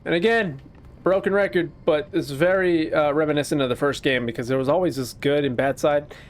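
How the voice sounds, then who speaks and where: A man's voice: fairly high pitch, a little fast. A man casually commentating a video game playthrough, musing and joking at himself. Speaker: gaming YouTuber. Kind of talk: let's play commentary.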